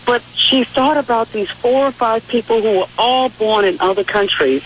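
A woman's voice: on the high side, normal speed. A woman from New York City calling in to a talk radio show, telling a heartfelt story. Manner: heartfelt storyteller, lively voices when quoting. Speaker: caller. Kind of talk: phone-in call to talk radio. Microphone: telephone. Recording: tinny phone line with faint hiss.

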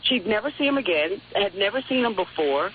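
A woman's voice: medium pitch, animated, brisk. A woman from New York City calls in to a talk radio show, recounting a personal story with earnest, heartfelt feeling. Her voice comes through a narrow, tinny phone line with a faint hiss behind it. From New York City, Harlem. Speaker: caller. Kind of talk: call-in storytelling.

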